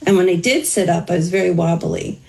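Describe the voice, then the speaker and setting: A woman's voice: fairly low pitch, fairly quick, vocal fry, a little mellow, low-quality recording. A woman being interviewed as an author, telling her life story openly in a conversational way, with wry humor. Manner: candid, wry humor, talks through hardship plainly.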